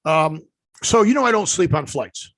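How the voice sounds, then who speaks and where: Telling a long, wandering anecdote at normal speed, this podcast co-host has a fairly high, sing-song, slightly bright voice. He fills his talk with fillers and keeps stopping to restart sentences, in a relaxed casual-podcast manner. It's recorded close and dry, with no room sound or echo.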